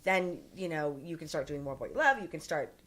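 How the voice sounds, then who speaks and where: A middle-aged woman being interviewed who talks in an earnest, reflective way, passing on parenting lessons. Her voice sits somewhat low. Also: animated, a little fast, fairly bright tone. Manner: reflective, earnest advice-giver. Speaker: guest, author and filmmaker. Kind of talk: casual interview talk.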